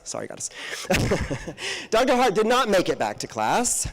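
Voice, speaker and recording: A man telling a personal story to an audience on a handheld mic, animated and often laughing as he acts out the people in it. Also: on the high side, moderate pace. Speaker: guest author speaker. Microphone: handheld microphone.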